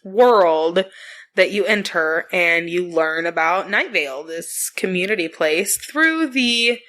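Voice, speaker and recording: A woman in her thirties co-hosting a casual podcast, telling animated stories about her kids, swearing freely and laughing often. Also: fairly low pitch, takes it slowly. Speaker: podcast co-host. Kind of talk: casual chat.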